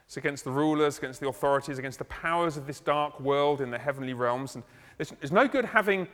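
A man preaching a sermon, explaining a passage in a relaxed, conversational way with casual asides. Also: fairly high pitch, fast. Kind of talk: expository sermon. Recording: long hall reverb.

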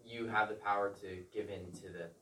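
A man in a class reading scripture aloud and then explaining it haltingly, with many fillers. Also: fairly low pitch, fairly even intonation, fairly bright tone. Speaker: class participant. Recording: roomy, distant mic, faint noise.

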